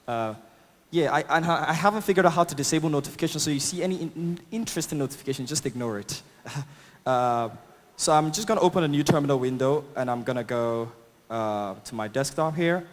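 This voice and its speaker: A man's voice: a little high, a little fast. A man with an accent giving a chatty, upbeat tech talk at a conference, laughing at his own jokes and using lots of fillers. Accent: non-native English accent. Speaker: conference speaker. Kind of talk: live tech talk with demo. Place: large conference hall. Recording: long reverb of a conference hall.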